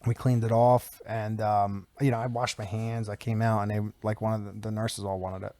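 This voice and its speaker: A man hosting a podcast, telling a story in casual chat, animated and profane with lots of fillers. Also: fairly low pitch, moderate pace, no echo. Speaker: podcast host.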